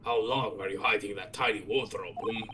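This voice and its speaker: A man hamming up a stern ship inspector in a mock russian accent, making gruff threats. His low voice comes through a noisy mic. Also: a little fast, distant mic, natural voice. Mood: menacing.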